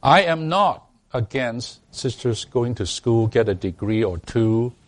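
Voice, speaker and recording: This is a man preaching a sermon in an even, middle-pitched voice. He speaks emphatically and stumbles into repeated restarts. He keeps turning to the congregation with rhetorical questions. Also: unhurried. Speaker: pastor.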